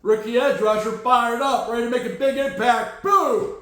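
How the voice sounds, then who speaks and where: A man hosting a casual football podcast, sarcastic and joking, jumping from loud outbursts to low mutters. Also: steady tone, normal speed. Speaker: podcast host. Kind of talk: casual sports commentary. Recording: very echoey room.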